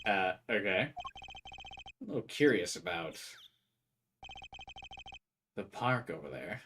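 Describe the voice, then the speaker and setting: A man's voice: deep voice, sing-song, takes it slowly, pauses often, a bit bright, slight background noise. A young man casually commentating a game and chatting with viewers in a rambling way. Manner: rambling, chatty, talks to chat. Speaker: gaming streamer. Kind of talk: casual let's-play commentary.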